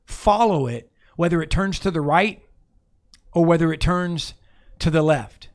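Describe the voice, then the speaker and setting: A man's voice: a little high, a little slow. A man preaching an off-the-cuff sermon, talking to listeners casually and asking them to look up verses. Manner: conversational, restarts, asks listeners to look up verses. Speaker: pastor.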